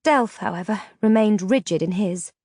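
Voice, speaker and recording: A woman narrating a fantasy novel in the first person with steady storytelling. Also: medium pitch, moderate pace, no room sound, clean studio sound. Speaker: audiobook narrator.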